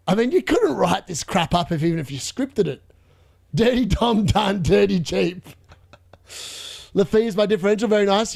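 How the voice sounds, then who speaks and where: Excitable high-voiced man streaming. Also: vocal fry. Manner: excitable, gloating, laughs often, repeats himself. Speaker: fantasy football streamer hosting a live watchalong. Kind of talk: live stream commentary.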